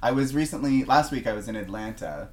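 A man co-hosting a casual podcast, telling a story with lots of laughs and the odd swear word. His voice sits at a middle pitch, and his delivery is bubbly and expressive. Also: brisk, a little hiss or hum. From Canada. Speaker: podcast co-host. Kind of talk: casual chat.

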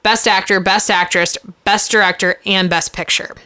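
A woman's voice: mid-range voice, steady tone, moderate pace, pushed and bright, no echo, studio quality. A young adult woman co-hosting a casual podcast, chatty and laughing often as she reads out a listener's story. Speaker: podcast co-host. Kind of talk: casual chat.

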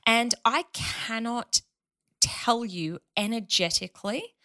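An Australian woman guesting on a podcast, talking in a lively, emphatic way. Her voice sits a little high and rings bright and forward. It is relaxed, chatty conversation. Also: slow pace. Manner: emphatic, animated storyteller. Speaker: money mentor guest. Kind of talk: casual podcast chat.

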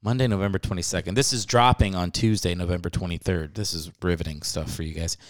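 A man's voice: low voice, steady tone, fast. A married man hosting a comedy podcast, ranting with joking asides and casual swearing. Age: adult, married. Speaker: podcast host.

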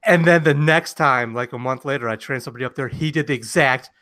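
A man co-hosting a podcast, telling stories animatedly and acting out quotes loudly in casual chat. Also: mid-range voice, fast, no room sound. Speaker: podcast co-host.

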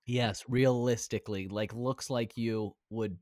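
A man's voice: medium pitch, steady tone, unhurried, a little mellow, no room sound, clean studio sound. Brash teasing man on a headset. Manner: brash, teasing, swears freely. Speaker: podcast host. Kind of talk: casual podcast chat. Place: home, recording virtually.

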